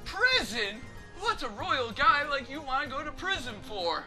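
Man doing a loud, brash old boat captain. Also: very high-pitched, big pitch swings, measured pace, over music, pitched above the performer's own voice, heavily acted, rough recording. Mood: boisterous. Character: brash excited older male boat captain.

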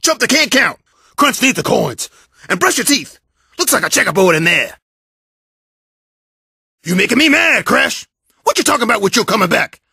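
A man voicing a big, tough bandicoot brother in a cartoon video game, gravelly and raspy, talking in clipped street slang. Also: sits high, sing-song, moderate pace, long pauses, bright, forceful tone, no room sound, clean studio sound, heavily acted. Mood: scolding.

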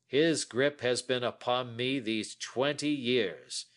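A man voicing an aging, remorseful man who talks in a slow, heavy, pleading way. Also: medium pitch, pitched above the performer's own voice, close to an everyday voice. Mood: confessing.

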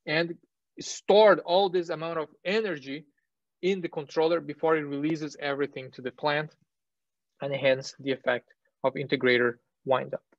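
A male university lecturer explaining technical material, pausing with fillers, correcting himself and checking in with "right?". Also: a little high, dry recording. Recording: dull, lo-fi lecture recording.

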